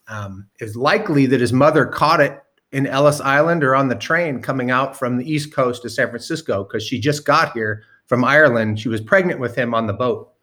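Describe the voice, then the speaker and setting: A man's voice: medium pitch, moderate pace, hardly any pauses, sharp tone. A man telling a long personal story in a casual, rambling way, with many ums, asides and the odd swear word. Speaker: storyteller guest.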